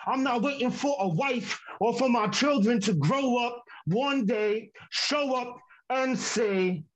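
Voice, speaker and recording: A man performing an impassioned spoken word piece over a video call, rhythmic and building to shouts. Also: very high voice, low-quality recording.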